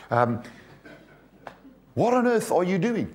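A man's voice: high voice, sing-song, fairly quick, long pauses. A man in his forties preaching a sermon, emphatic, repeating words and putting questions to the congregation.

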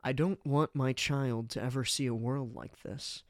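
Casting: man as a gruff, guarded young swordsman, curt and grave. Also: medium pitch, steady tone, a little slow, no echo, clean studio sound, natural voice. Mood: resolute. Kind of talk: storybook reading.

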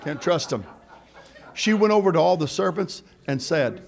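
A middle-aged pastor preaching in church, his voice sitting a little high for a man. He drops into easy, joking asides, then climbs into shouted calls that draw answers from the pews. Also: expressive, normal speed, gravelly. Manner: preaching with call-and-response, building to shouts; humorous, conversational asides. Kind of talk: sermon. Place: church sanctuary.

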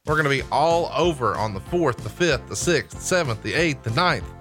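A man's voice: medium pitch, lively intonation, moderate pace, a bit bright, soft background music. A man co-hosting a podcast, upbeat and promotional, often tacking "man" onto his sentences. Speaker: podcast co-host. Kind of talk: casual podcast chat with ad reads.

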